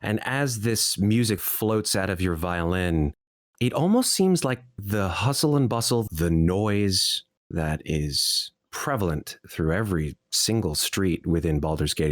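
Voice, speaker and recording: A man narrating a tabletop game as dungeon master, telling the scene in an expressive, descriptive way. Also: low voice, unhurried, no echo, clean studio sound.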